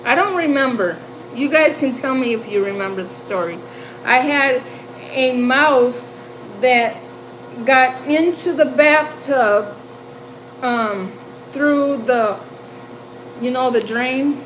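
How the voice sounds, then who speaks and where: A woman in her fifties talks to her stream audience in a relaxed, unhurried way, her voice sitting high. She tells her story chattily and laughs as she goes, and a faint hum runs underneath. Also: rough recording. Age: 50s. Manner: chatty, animated, laughs often, reads chat aloud. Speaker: livestream host. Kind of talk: casual storytelling chat. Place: home.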